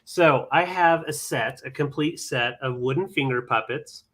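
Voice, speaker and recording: A woman's voice: very deep voice, a little slow, a bit bright. A woman co-hosting a casual vintage live sale, laughing often and describing items for sale. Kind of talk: casual live-stream selling chat.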